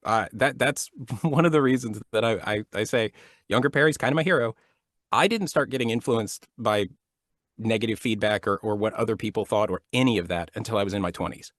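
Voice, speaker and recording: A man's voice: lowish voice, fairly quick, no echo, clean studio sound. A man in his thirties, an actor and audiobook narrator, chatting as a guest and telling stories with frequent laughs and restarts. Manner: laughs often, restarts sentences, animated storytelling. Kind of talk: casual interview chat. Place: home studio.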